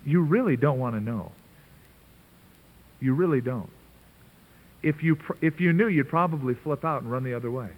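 A man's voice: fairly high pitch, animated, moderate pace, long pauses. A man preaching a sermon in an earnest, conversational way with emphatic asides. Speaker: pastor. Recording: tinny narrow-band radio broadcast.

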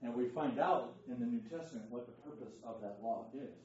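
A little fast and a little mellow, this medium-pitched male voice belongs to a Bible study teacher leading an interactive lesson. He speaks emphatically, quizzes the class and often checks in with "okay?". A distant, dull mic in an echoey room picks up a little hiss or hum.

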